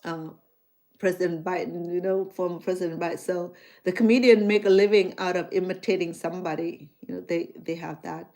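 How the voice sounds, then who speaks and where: A middle-aged Cambodian chef and vlogger with a Cambodian accent chats casually with her viewers, telling stories animatedly, acting out dialogue, and often restarting. Her voice is fairly low and fairly quick.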